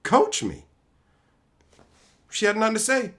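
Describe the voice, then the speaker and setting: Male streamer host, higher voice, very animated delivery, crude casual storytelling. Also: moderate pace, long pauses. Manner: profane, animated, mimics coworkers in quotes.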